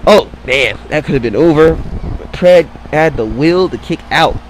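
Excitable male game commentator, slightly high and very lively, cursing, rambling, faint background noise. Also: unhurried, rough recording. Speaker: play-by-play commentator. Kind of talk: casual wrestling-game commentary.

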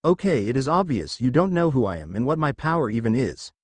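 Man voicing a smug young bounty hunter, condescending, exasperated, lively pitch swings, dry close sound. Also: fairly quick, no room sound.

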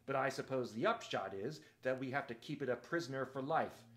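A man's voice: mid-range voice, brisk, fairly bright tone, close to an everyday voice. A man voicing a sour, hostile male dwarf who speaks harshly and insistently.

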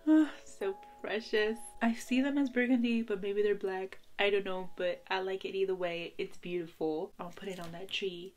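A young woman vlogging a casual unboxing, bubbly and giggly, gushing with excitement as she goes. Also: mid-range voice, normal speed, few pauses. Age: young adult.

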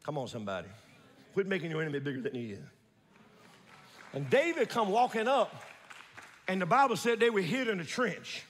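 A male pastor preaching a sermon, telling the story with animated delivery and calling out to the congregation. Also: high voice, a little fast, long pauses, big-room sound. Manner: builds to shouting at peaks.

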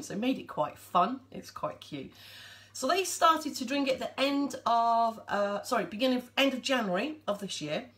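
A woman's voice: a little high, expressive, moderate pace, fairly bright tone. A woman chatting casually to viewers on a live stream, addressing them directly as she talks.

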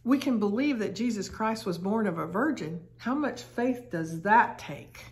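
Slow, earnest woman teaching Bible study. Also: mid-range voice, animated. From United States. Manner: earnest, emphatic, repeats phrases.

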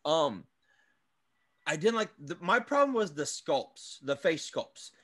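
A man's voice: fairly high pitch, big pitch swings, a bit bright, husky. A man co-hosting a casual toy podcast, joking around and chatting loosely. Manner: joking, playful, quick asides. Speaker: podcast co-host. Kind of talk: casual chat.

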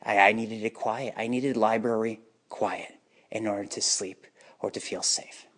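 A man telling his own life story in an unscripted personal monologue, bitter and emotionally charged, halting at times. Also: lowish voice, steady tone, fairly bright tone.

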